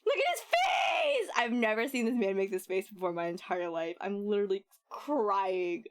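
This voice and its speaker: A woman streaming a game, reacting in gushing, excitable bursts, shouting and laughing. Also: mid-range voice, a little fast, clear, resonant tone.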